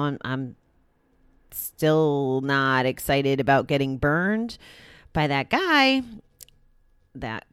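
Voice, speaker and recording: A woman's voice: deep voice, a bit bright, clear, resonant tone, no echo, studio quality. A young woman reading a daily recovery passage, then thinking aloud in a candid, rambling way with lots of "like" and restarts. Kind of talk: reading aloud then casual reflective talk.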